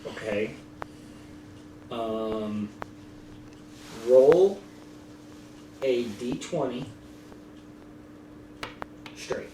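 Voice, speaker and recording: A man narrating as dungeon master with a relaxed, hesitant delivery full of ums. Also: medium pitch, drawn-out words, pauses often. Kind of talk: narrating a tabletop game. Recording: echoey room, distant mic, noisy.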